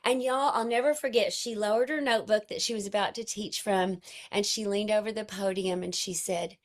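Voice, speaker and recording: A woman's voice: mid-range voice, fairly even intonation, a little fast, few pauses. A woman telling an emotional personal story to her sales team in an earnest way. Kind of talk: personal storytelling to an online group.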